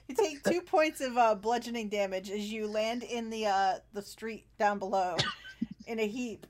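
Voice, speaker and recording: A woman's voice: on the high side, a little slow, a little mellow. A woman narrating a tabletop game as game master, chatty and laughing often, with frequent fillers.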